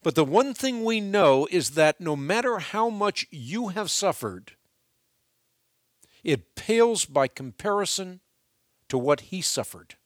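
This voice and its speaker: Male call-in host, slow preacherly delivery, dry close sound. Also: sits high, very animated, no room sound. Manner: measured, emphatic, devotional. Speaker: radio call-in show host. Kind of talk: earnest radio teaching, preacherly.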